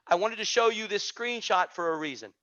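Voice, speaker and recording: A man hosting an online teaching community, giving an energetic, preachy talk on a video call and repeating phrases for emphasis. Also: high-pitched, a little fast. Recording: dull lo-fi video call audio.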